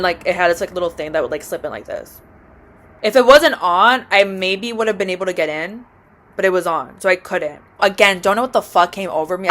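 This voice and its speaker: A woman's voice: lowish voice, fairly bright tone, a little hiss or hum. Young woman, casual storytime, rambling, filler words, swearing, dramatic. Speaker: vlogger.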